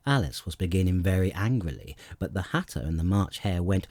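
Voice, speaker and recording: A man narrating a storybook audiobook in an expressive storytelling manner, close to the mic. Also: low-pitched, fairly quick, hardly any pauses, dry recording.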